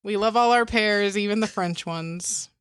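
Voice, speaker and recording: A woman's voice: medium pitch, unhurried, smooth, no echo. Upbeat young woman co-host, giggly casual chatter, dry close mic. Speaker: podcast co-host. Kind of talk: casual chat.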